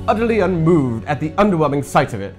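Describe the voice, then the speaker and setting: A man's voice: fairly high pitch, sing-song, fast, faint music behind, pitched above the performer's own voice. A man doing a put-on British accent as a pompous, grumpy male tourist, reading a long complaint with grand drama.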